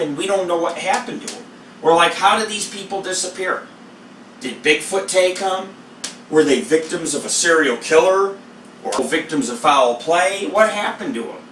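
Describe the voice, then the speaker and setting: A man's voice: fairly high pitch, a bit bright. A male cooking show host who rambles and swears freely as he tells a story while he cooks. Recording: echoey room, voice a bit far from the mic, faint noise.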